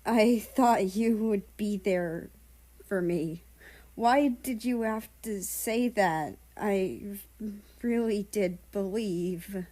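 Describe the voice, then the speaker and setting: Woman doing a crying angry young man, choked, trembling, loud, drawn-out words, mellow tone. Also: mid-range voice. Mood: tearful. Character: tearful furious young man.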